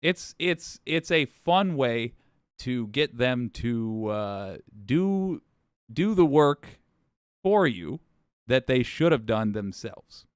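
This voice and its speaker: A young man hosting a political livestream show in a wry, chatty way, with asides and his voice going hoarse. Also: medium pitch, expressive, slow pace, no echo, clean studio sound. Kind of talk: casual livestream talk.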